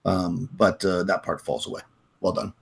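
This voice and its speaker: A man's voice: sits low, steady tone, moderate pace, gravelly, breathy edge. A man running a tabletop game as game master, narrating in a rambling way with many restarts. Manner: rambling, full of restarts and fillers.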